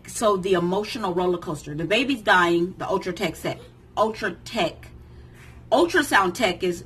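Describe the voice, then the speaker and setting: A woman in her thirties, a vlogger, telling a personal story to camera in an emotional, animated way, acting out what others said. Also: lowish voice, moderate pace, faint music behind, low-quality recording. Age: 30s. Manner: emotional, animated retelling that acts out others' lines.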